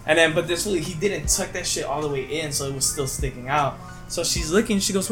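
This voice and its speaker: A young man with a slightly high voice tells school stories with friends in casual chat. He is animated, swears freely and acts out what people said, with music playing underneath. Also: quick pace.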